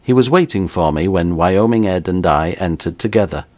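A man reading an audiobook in a measured storytelling manner. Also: low-pitched, expressive, a little mellow. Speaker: narrator.

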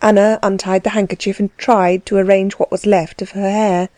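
A woman reading a novel aloud as an audiobook narrator, in a measured, even storytelling manner. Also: medium pitch, dry recording. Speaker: audiobook reader. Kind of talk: scripted narration.

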